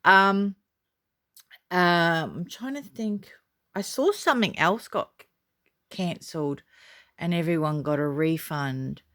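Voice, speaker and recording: Chatty woman vlogger, slightly low voice. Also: slow, pauses often. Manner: chatty and excitable, many fillers. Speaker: doll collector vlogger. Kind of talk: casual storytelling to camera.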